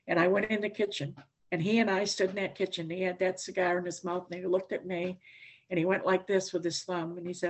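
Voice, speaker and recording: A woman's voice: fairly low pitch, fairly even intonation, brisk. An older woman giving a recovery talk to a meeting, telling her story in a plain, candid way with a dry wit. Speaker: AA speaker. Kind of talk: recovery share.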